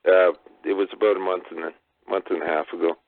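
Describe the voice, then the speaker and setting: Deep-voiced laid-back male radio host. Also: flat delivery, fast talker. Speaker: talk show host. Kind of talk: casual call-in chat. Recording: dry tinny phone-like sound.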